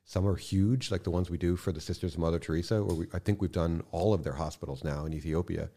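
A man speaking as a podcast guest in casual conversation, impassioned, swearing freely and swinging from quiet to loud bursts. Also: deep voice, fairly even intonation, fast talker.

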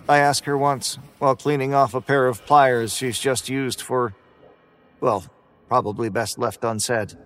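A man narrating a first-person horror story in a flat, weary, grim manner. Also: medium pitch, measured pace.

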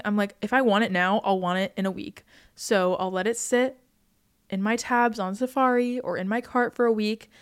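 A woman's voice: medium pitch, smooth. A young woman content creator chatting casually, rambling with lots of "like" fillers. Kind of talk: casual chat.

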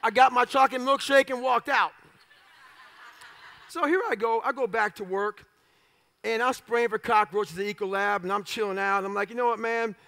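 Male motivational speaker, very high gravelly voice, blunt and profane, self-deprecating storyteller. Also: steady tone, moderate pace, pauses often, sharp tone. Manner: punchy clipped phrases.

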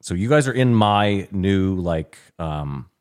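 A man's voice: deep voice, expressive, slow pace, darkish tone. A man from Canada telling a long, rambling story on a casual podcast, acting out the people in it. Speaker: podcast co-host. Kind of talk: casual chat, long anecdote.

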